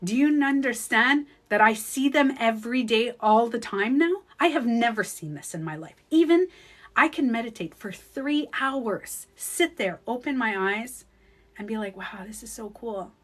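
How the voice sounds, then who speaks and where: A woman's voice: on the high side, lively intonation, unhurried. A woman talking casually and emotionally to her livestream viewers, emphatic, swearing now and then, often checking in with "okay?". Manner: addresses viewers by name. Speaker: spiritual vlogger.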